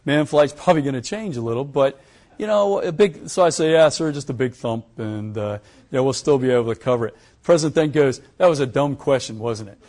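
An older American man, a retired pilot, giving a lecture and telling stories from his career, acting out the dialogue with lively chuckles. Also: mid-range voice, fairly quick. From United States. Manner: animated storyteller who acts out quoted dialogue, chuckling. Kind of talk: anecdotal lecture storytelling.

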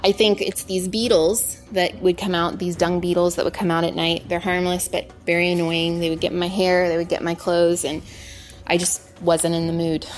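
A woman, a former aid worker, telling her own story in vivid first person and mostly in the present tense. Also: lowish voice. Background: faint music.

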